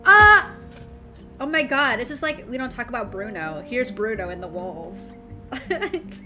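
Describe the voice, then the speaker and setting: A woman's voice: on the high side, expressive, moderate pace, sharp tone. A woman streaming a game live, playful and giggly, exclaiming as she plays. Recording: game music behind voice.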